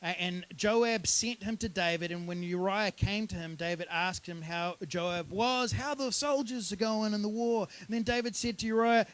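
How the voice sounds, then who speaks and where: A man's voice: high-pitched, expressive, normal speed, hardly any pauses, fairly bright tone, poor audio. A man preaching a sermon as pastor, in a casual, conversational storytelling manner.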